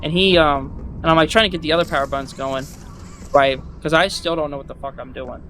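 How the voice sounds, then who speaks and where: A man casually recapping a game he played, rambling and swearing, acting out his own thoughts with loud outbursts, with loud music behind. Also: a little high, a little fast, a little hiss or hum, rough recording. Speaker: gaming video host.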